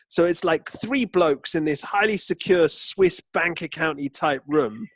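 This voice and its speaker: A man co-hosting a sports podcast in casual chat, spinning jokey, drawn-out comic scenarios. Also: a little high, fairly bright tone, no echo. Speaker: podcast co-host.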